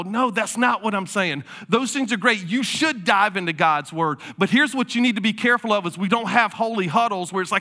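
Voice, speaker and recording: Bright, high-voiced man preaching. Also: animated, fairly quick, few pauses. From South Carolina. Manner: conversational storytelling preacher, casual fillers. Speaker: pastor. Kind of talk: sermon.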